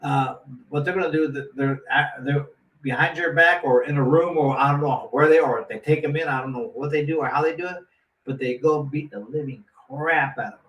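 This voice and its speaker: Animated man telling a story in a roomy room. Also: on the high side, fairly quick. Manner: animated, acts out quotes with lots of restarts. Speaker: guest storyteller. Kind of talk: casual storytelling. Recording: roomy echo, mic at a distance, faint noise.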